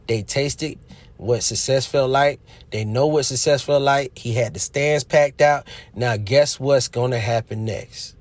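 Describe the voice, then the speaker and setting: Man, casual commentator, preachy and emphatic, loud bursts then quiet asides. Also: mid-range voice, a little slow. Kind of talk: casual opinion monologue.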